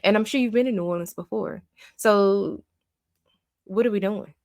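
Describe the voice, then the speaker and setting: A woman's voice: mid-range voice, normal speed, no echo, studio quality. A woman giving a casual recap and review of a reality show, blunt and opinionated, venting her exasperation.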